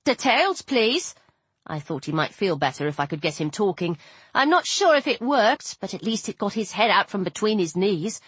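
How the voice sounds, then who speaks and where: A woman narrating an audiobook in the first person with lively, wry storytelling. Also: mid-range voice, fairly quick, breathy edge, dry recording.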